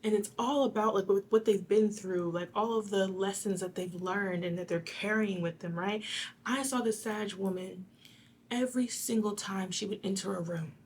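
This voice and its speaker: A young woman talks through a tarot reading in a loose, rambling way, leaning on "like" as she goes. Her mid-pitched voice sounds a little hoarse and raspy. A faint hiss sits under the recording. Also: normal speed. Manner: rambling and chatty, full of "like". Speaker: tarot reader. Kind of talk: casual one-on-one tarot reading.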